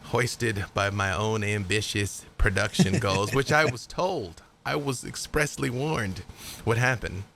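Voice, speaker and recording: A man's voice: on the low side, a little slow, creaky, a bit bright, a little hiss or hum. A man narrating a tabletop game as game master in a laid-back way, with fillers.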